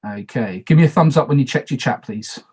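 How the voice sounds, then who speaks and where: A man's voice: medium pitch, lively intonation, fairly quick, mellow, breathy edge. A man moderating an online party game on a video call, talking casually, repeating instructions and making self-deprecating asides.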